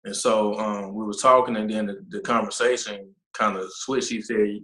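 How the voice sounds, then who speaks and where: A man, a nonprofit founder, telling a personal story in an interview, halting and pausing often with fillers. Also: on the low side, steady tone, sharp tone, echoey room, rough recording. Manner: halting, with many pauses and fillers.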